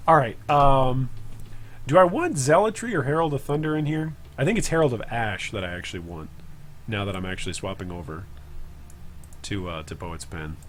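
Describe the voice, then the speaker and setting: A man's voice: mid-range voice, lively intonation, normal speed, pauses often, slight background noise. A man streaming a video game, thinking aloud in a casual, chatty way and answering viewers' comments as he plays.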